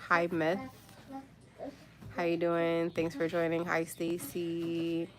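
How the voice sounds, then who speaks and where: Slow-talking woman livestreaming from home. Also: on the low side, completely flat delivery. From United States. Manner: chatty, greets viewers one by one, laughs often. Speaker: livestream host. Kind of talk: casual livestream chat reading comments.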